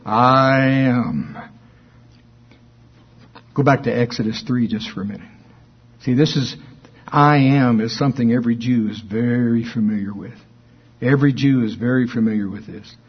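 A man delivers a sermon, walking through scripture in an easy conversational way with frequent asides. His voice is husky and sits in a middle pitch. The recording is dull and lo-fi. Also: moderate pace, pauses often. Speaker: Bible teacher.

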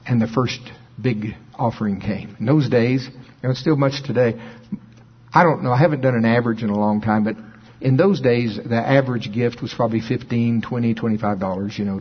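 An older man preaching, telling a story with lively quoted dialogue, his voice jumping high when he acts out phone calls. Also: fairly quick, husky, highs cut off. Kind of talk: sermon storytelling.

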